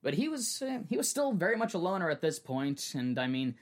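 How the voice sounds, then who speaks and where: A young man hosts a podcast and retells a story in a relaxed, chatty way, often restarting his sentences. His pitch sits a little high and swings up and down a lot as he talks. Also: brisk. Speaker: podcast host.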